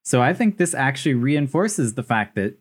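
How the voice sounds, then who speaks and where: A man's voice: mid-range voice, normal speed, slightly rough. Man joking through a movie theory. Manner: playful, laughs often, deadpan theorizing. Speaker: podcast co-host. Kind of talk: casual chat, joking movie analysis.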